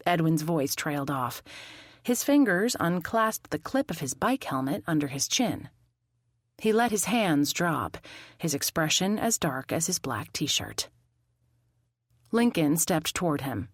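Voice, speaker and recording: Woman, audiobook narrator, expressive storytelling, animated pitch, dry recording. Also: a little slow, no echo. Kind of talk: first-person audiobook narration.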